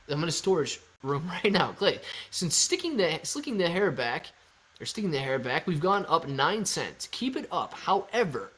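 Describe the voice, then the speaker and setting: Young dude chatting to his stream off a phone, kinda higher voice, calls everyone man. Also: a bit bright. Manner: laid-back, jokey, calls viewers dude and man. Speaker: livestream host reading chat. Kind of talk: casual live-stream chat. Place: storage-style room at home. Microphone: phone used as camera.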